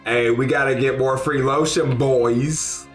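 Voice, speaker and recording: A man streaming a game live, excitable and often shouting and laughing as he talks to his chat. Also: medium pitch, measured pace, roomy sound. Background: faint game music.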